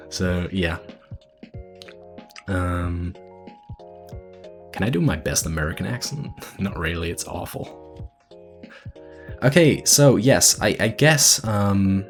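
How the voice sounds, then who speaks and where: A young man with a fairly low voice talks earnestly at an online fan convention panel, rambling and doubling up words as he goes. He speaks from a room at home. Soft music plays faintly in the background. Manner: earnest, rambling, repeats words when starting sentences. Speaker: convention panelist and video editor.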